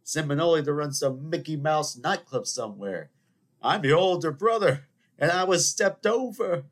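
A man putting on a resentful, insecure mob brother who whines loudly and pleads for respect. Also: fairly high pitch, lively intonation, normal speed, pitched above the performer's own voice. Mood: aggrieved. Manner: whiny, loud and pleading.

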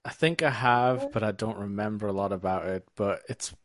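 A man's voice: on the low side, normal speed. A man in casual podcast chat who laughs often and throws in jokey asides.

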